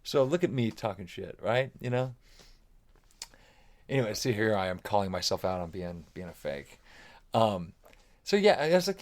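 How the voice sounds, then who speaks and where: A guest musician on a podcast, he talks fast at a medium pitch while sharing relaxed anecdotes. Expect lively delivery, reenacted remarks, plenty of "like" fillers, and occasional casual swearing.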